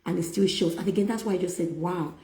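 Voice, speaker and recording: A middle-aged woman telling a personal story in a casual faith-based chat, animated and often laughing as she quotes herself. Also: lowish voice, fast. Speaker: host. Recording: echoey room.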